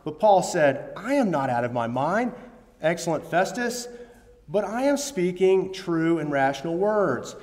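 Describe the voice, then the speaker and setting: A man's voice: on the high side, sing-song, measured pace. A man preaching a sermon, earnest and quoting scripture, with emphatic bursts. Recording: long hall reverb.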